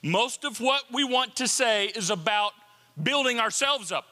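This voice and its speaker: A man preaching a sermon as a pastor, animated and playful, with jokes and asides. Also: very high voice, unhurried. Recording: long hall reverb.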